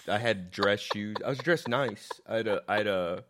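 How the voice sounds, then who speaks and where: Deep-voiced man telling a story. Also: moderate pace, background noise. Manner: animated, swears, repeats words when excited. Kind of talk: casual storytelling. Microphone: own microphone.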